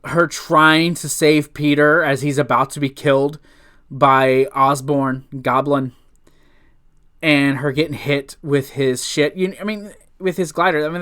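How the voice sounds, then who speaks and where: A man's voice: fairly high pitch, a bit bright. A man giving a casual, unscripted movie review, rambling with restarts and swearing freely as an eager fan.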